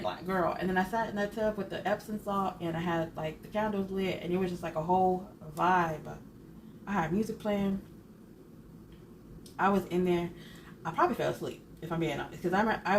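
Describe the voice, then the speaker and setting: A woman's voice: on the low side, a little hiss or hum. A woman in her thirties vlogging in casual, rambling chat, often correcting herself as she goes. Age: 30s. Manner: chatty, rambling, self-correcting. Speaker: budget vlogger.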